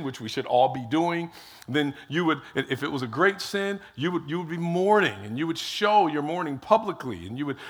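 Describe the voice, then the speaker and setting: A man preaching a sermon in an animated way, asking rhetorical questions, acting out quotes and often restarting his phrases. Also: fairly high pitch. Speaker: pastor.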